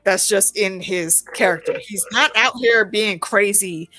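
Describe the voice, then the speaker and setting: A woman's voice: medium pitch, a little slow, sharp tone, no echo. A woman in casual chat, enthusiastic and talking in long runs. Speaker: co-host of a TV episode discussion.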